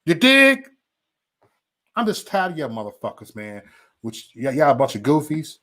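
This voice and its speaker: A man's voice: mid-range voice, lively intonation, fairly quick. A man hosting a livestream, ranting heatedly and profanely at his viewers with emphatic repetition and stammered restarts. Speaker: livestream host.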